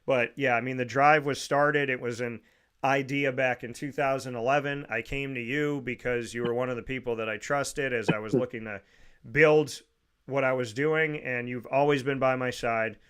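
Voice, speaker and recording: A man's voice: medium pitch, steady tone, moderate pace, fairly bright tone, clear, resonant tone. Upbeat sports talk show host, man. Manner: upbeat, sincere, chatty.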